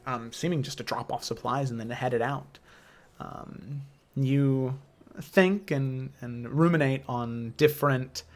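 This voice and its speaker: Man narrating as game master. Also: medium pitch. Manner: descriptive, unhurried, many fillers.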